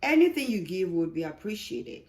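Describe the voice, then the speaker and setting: A woman's voice: fairly low pitch, big pitch swings, moderate pace, a little mellow. A woman voicing a nosy, chatty old male neighbor who teases and rambles in a friendly way.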